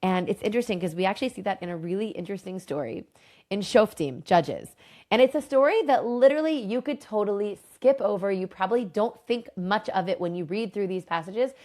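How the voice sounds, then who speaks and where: A woman's voice: mid-range voice, expressive, fairly quick, darkish tone. Brief: enthusiastic woman host, chatty storytelling lesson, mid-range voice. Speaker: host and Bible teacher.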